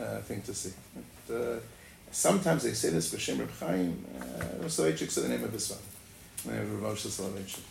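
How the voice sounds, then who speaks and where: A man's voice: lowish voice, vocal fry, darkish tone. A man giving a Torah lecture, thinking aloud with many fillers and rhetorical questions. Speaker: Talmud teacher. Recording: echoey room, faint noise.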